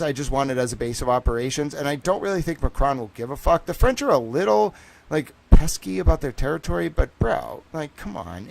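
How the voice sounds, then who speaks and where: Profane, excitable young streamer. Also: male voice, on the high side, creaky. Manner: profane, joking, excitable, laughs often. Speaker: livestream host. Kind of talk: rambling livestream monologue.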